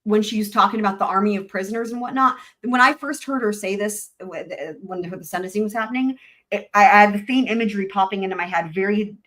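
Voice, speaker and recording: A woman's voice: medium pitch, quick pace, a bit bright. Woman rambling over a clip live, blunt, lots of likes and ums, swears a bit. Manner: blunt, rambling, uses many fillers and swears. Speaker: host reacting to a court clip. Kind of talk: casual live commentary.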